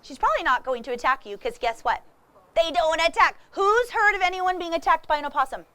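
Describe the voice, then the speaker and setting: A woman giving a lively talk about wild animals to a young audience, animated and often laughing as she speaks straight to the crowd. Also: extremely high pitch, brisk. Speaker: wildlife educator with animal ambassadors. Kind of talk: lively presentation to kids.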